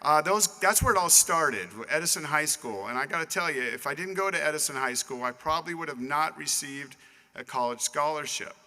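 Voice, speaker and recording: At a banquet hall dinner, with long reverb around him, a Southern Californian man in his fifties accepts his Hall of Fame induction in a chatty speech, calling out to audience members. His fairly high voice is bright and forceful, and he talks a little fast.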